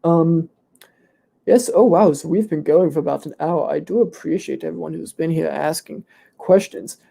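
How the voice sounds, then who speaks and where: A man playing a smug, pompous young internet debater who is hoarse and losing his voice, rattling off fallacy names with complete self-assurance. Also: fairly high pitch, moderate pace, warm tone, full character voice. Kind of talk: comedic live Q&A role-play.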